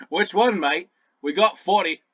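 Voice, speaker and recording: A man's voice: high-pitched, slow, dull audio, a crowd in the background, pitched above the performer's own voice. A man voicing a cheerful, cocky male pirate cannoneer who teases his captives. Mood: teasing. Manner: jovial, says lad and mate.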